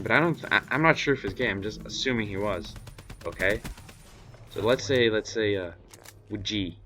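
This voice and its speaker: A young man with a lowish voice recounts a story from his own life in a loose, rambling way. He swears constantly and breaks into animated, shouted rants. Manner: animated, profane, ranting bursts. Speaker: vlogger. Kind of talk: casual storytelling.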